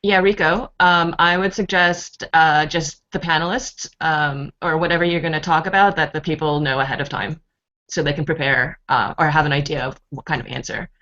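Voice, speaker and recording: A woman's voice: deep voice, fairly even intonation, normal speed, sharp tone, lo-fi sound. A woman in a casual group discussion, eager and chatty as she adds her thoughts. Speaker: meeting participant.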